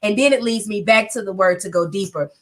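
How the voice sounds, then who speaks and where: A woman's voice: medium pitch, fairly quick. A woman in her thirties hosting a casual chat on a video call, effusive and emotional, with slangy talk. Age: 30s. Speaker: host.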